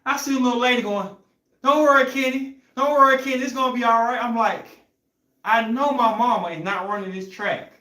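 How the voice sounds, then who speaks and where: A man's voice: sits high, a bit bright, roomy sound. A young man hosting a podcast, telling a story in a loose, rambling way and searching for words. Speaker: podcast host. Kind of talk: casual storytelling chat.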